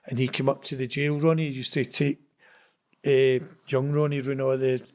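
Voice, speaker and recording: A man's voice: medium pitch, moderate pace. Glaswegian man telling a story. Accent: Glaswegian Scottish. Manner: animated, acts out quoted dialogue. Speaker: interview guest. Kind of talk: casual storytelling.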